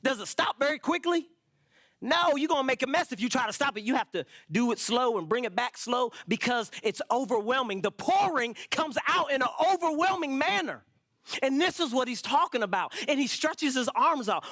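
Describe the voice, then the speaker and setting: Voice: sits high, lively intonation, moderate pace, fairly bright tone, no echo, studio quality. A pastor preaching a sermon with emphatic delivery and call-and-response prompts to the congregation.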